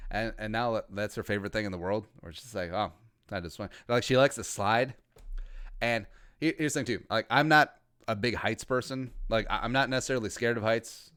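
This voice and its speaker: A man's voice: mid-range voice, brisk, a bit bright, clean tone. Rambling, joking man hosting a podcast. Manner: rambling, joking, crude asides. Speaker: podcast host. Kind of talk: casual livestream chat.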